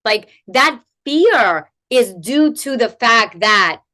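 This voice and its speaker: A woman guest expert explaining in a conversational interview, animated and peppered with "like" and "right?" tags. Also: on the high side, slow. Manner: animated, rhetorical "right?" tags, many "like" fillers. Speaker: guest expert in family coaching.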